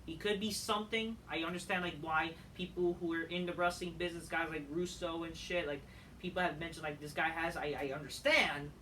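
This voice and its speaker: Foul-mouthed wrestling reviewer, scornful rant, bright edgy tone, recorded a bit far from the mic. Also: mid-range voice, fairly even intonation, a little fast. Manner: crude, scornful, ranting, swears constantly. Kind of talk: profane ranting recap. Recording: distant mic with faint noise.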